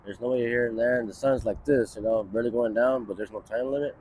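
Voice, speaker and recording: A man's voice: mid-range voice, steady tone, fast, darkish tone, a little hiss or hum. Rambling, profane man in his thirties. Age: 30s. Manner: rambling, profane, many fillers like "you know". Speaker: interviewee. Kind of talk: street interview, casual storytelling. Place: outdoors on a city street near a bus stop.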